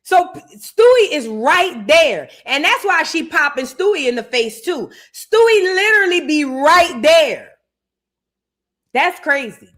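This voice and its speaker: A woman hosting a reaction show talks in a high, bright, sharp voice. She gives blunt, gossipy commentary on a clip she is watching. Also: very animated, a little slow. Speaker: host.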